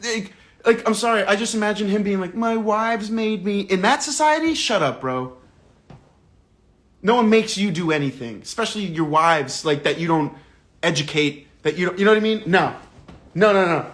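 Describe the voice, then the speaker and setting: Male book club host, voice on the higher side; casual, animated, fired-up livestream chat with viewers. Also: moderate pace. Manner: animated and indignant, casual swearing and slang. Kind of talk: livestream book discussion, reading viewer comments aloud.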